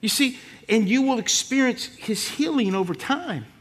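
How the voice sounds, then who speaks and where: Preaching a sermon with mounting fervor, this middle-aged pastor has a high, ringing voice that is bright and forceful, with lively intonation at a normal speed. He repeats phrases, pushes toward shouted climaxes, and calls out to his congregation.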